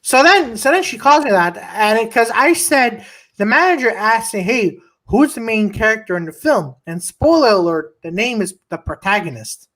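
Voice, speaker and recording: A man's voice: high voice, expressive, moderate pace. A man co-hosting a live podcast, telling a rambling story with lots of swearing and restarts, and breaking off to greet viewers. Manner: shouts out viewers mid-story. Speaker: podcast co-host. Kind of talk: casual live-stream chat.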